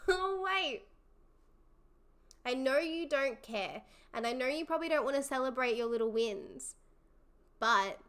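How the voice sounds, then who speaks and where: A woman's voice: high-pitched, a bit bright. A young woman hosting a livestream, chatting casually with viewers in an effusive, encouraging way and laughing often. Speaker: livestream host. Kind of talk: casual live chat with viewers.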